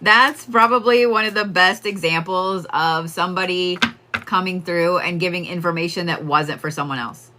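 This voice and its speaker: Bright-voiced chatty woman doing livestream readings. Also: on the low side, moderate pace, a little hiss or hum. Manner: chatty, talks to chat, laughs often. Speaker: livestream psychic reader.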